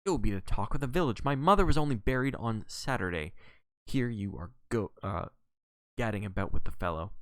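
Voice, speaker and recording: A man reading the part of a husband who shouts in anger and pleads unsteadily. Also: on the low side, expressive, brisk, dry recording. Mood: angry. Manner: forceful, then unsteady outbursts.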